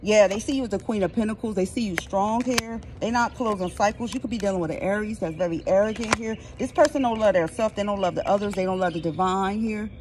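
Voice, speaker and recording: A woman's voice: mid-range voice, fast, few pauses, noisy background. A woman giving a casual tarot reading outdoors, blunt, profane and emphatic. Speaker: tarot reader.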